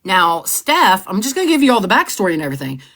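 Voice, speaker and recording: A woman hosting a casual live stream, reading out old text messages and often clearing her throat. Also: mid-range voice, big pitch swings, fast, fairly bright tone. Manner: conversational, often clears throat, repeats herself. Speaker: livestream host.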